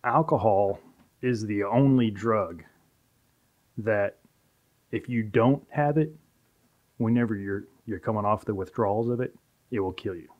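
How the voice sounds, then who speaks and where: A man, a pharmacist, chatting as a podcast guest in a measured, explanatory way. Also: lowish voice. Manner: explanatory, measured, some restarts. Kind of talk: casual podcast chat. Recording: dull lo-fi podcast audio.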